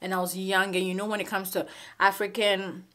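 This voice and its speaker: A woman's voice: medium pitch, little pitch movement, fairly bright tone. Tearful woman in her twenties. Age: 20s. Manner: halting, emotional, fighting back tears. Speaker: vlogger. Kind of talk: personal storytime vlog. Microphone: phone camera.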